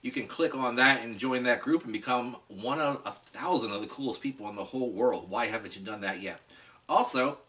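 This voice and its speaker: A man talks eagerly through a food tasting in a casual vlog, speaking straight to his audience. His voice is bright and forward, and he sits a little back from the microphone. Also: mid-range voice, fairly quick, recorded from a distance. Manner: enthusiastic, chatty, addresses viewers directly. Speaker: food reviewer.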